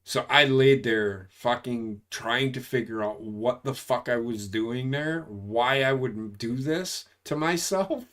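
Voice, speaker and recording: His mid-range voice moves slowly with few pauses as this man in his forties, an army vet, chats casually about his service. The stories ramble and are peppered with swearing, delivered with animation.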